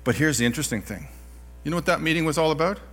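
Animated bright-voiced male pastor preaching. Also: fairly high pitch, rapid-fire, soft background music. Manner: animated storytelling with self-deprecating laughs. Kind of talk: sermon.

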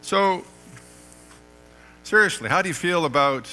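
A man preaching a sermon in a church, animated and joking, laughing at his own lines as he reads the passage aloud. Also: high-pitched, unhurried, faint music behind, rough recording. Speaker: pastor.

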